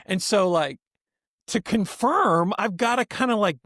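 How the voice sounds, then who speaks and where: A man co-hosts a casual podcast, telling stories in a rambling, animated way full of restarts. His voice sits a bit high. The sound is dry and close. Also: a little slow, dry recording. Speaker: podcast co-host. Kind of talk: casual chat.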